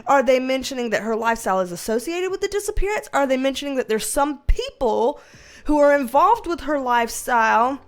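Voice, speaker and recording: A woman's voice: high voice, sing-song, a little fast. A woman giving a casual tarot reading on video, chatty and emotional, rambling with many fillers. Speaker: tarot reader.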